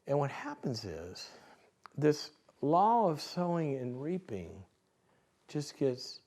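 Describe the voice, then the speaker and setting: A man, a psychologist, telling stories in a talk, animated and laughing, acting out quotes. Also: fairly high pitch, slow pace. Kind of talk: storytelling talk.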